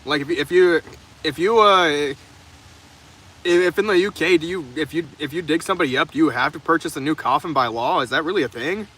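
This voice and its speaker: His voice is a little high, husky, and sharp, and he talks fairly quickly. He's a young man live streaming in the rain from his car's open trunk, casually and profanely answering viewer comments while often tripping over and restarting his sentences. Faint rainfall and passing traffic fill the background.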